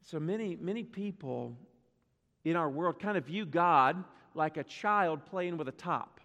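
A man with a notably high voice preaches to his congregation, loose and conversational, dropping teasing asides between points. His words ring out with a long reverb from the church sanctuary. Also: lively intonation, measured pace, a bit bright. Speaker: pastor. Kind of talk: sermon.

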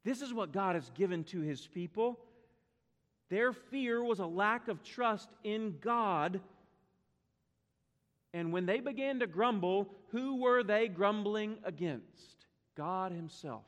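A man's voice: high voice, animated, slow pace, a bit bright. A man preaching a sermon to his congregation, emphatic and repetitive, asking the church questions. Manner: emphatic, repeats words for stress, asks the congregation questions. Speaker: pastor. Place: church sanctuary. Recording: long hall reverb.

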